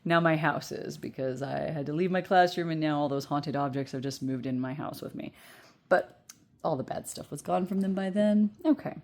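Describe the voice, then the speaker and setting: A woman's voice: sits low, moderate pace. A woman in her thirties giving a casual pick-a-card tarot reading at home into earbuds, chatty and rambling, with frequent laughs and fillers. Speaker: tarot reader.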